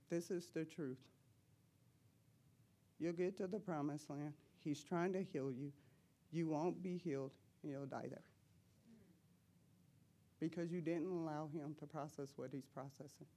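A woman with a mellow, lowish voice speaks at church, delivering an emphatic personal testimony sermon. Her preaching is casual and slangy, and she laughs often between lines.

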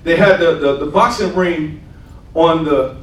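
A high-pitched male preacher tells a personal testimony to his congregation, tossing in "right?" and "amen" as he goes. He sounds a little far from the mic. The church has a roomy, echoing sound. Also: measured pace, a bit bright. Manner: call-and-response asides, repeats "right?". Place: church sanctuary.

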